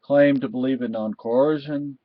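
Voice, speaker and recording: A man's voice: mid-range voice, fairly even intonation, unhurried, highs cut off. A middle-aged man vlogging a political rant, scolding and lecturing his viewers with indignation.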